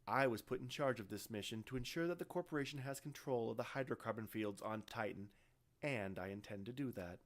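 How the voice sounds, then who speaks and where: A man voicing a calculating male corporate leader who speaks in a quiet, measured way. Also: mid-range voice, natural voice.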